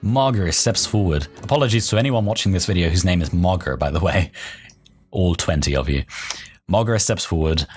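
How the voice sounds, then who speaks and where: A man's voice: low voice, breathy edge. A young man hosting a let's play, reading game text aloud and chatting in an amused, thinking-aloud way. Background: faint game soundtrack.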